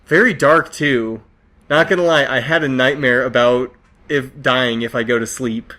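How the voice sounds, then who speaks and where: A podcast co-host with a medium-pitched voice and moderate pace tells stories in casual chat. He's an animated storyteller who laughs often and acts out quotes.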